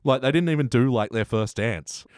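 A man hosting a casual podcast chat, animated and quick to act out quotes. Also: medium pitch, no room sound, clean studio sound. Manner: animated, quotes lines in excited voices. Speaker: podcast host.

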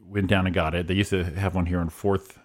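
A man's voice: deep voice, level tone, brisk. A man hosting a casual morning radio show, easygoing and rambling, chuckling often.

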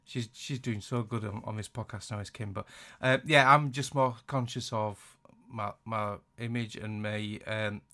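A man with a Yorkshire accent co-hosting a podcast, chatting casually and self-deprecatingly, often trailing off quietly. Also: fairly low pitch, steady tone, unhurried. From Yorkshire, England. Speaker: podcast co-host. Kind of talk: casual chat.

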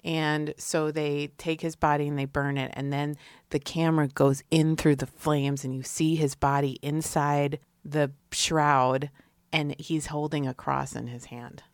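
A woman's voice: deep voice, flat delivery, measured pace, clean tone, no room sound, clean studio sound. A woman co-hosting a casual movie review chat, musing aloud with fillers. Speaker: podcast co-host.

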